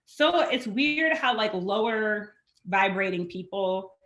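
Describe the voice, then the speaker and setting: Lively woman guest chatting, acts out quotes, voice swings all over, roomy echo. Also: mid-range voice, slow pace. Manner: animated, acts out quotes in her storytelling. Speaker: podcast guest. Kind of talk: casual chat.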